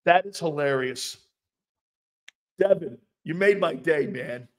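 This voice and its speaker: A man's voice: on the high side, slow pace. A man hosting a sports talk show, reacting to fan comments in a loose, profane way and laughing often. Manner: animated, laughing, profane, loud outbursts.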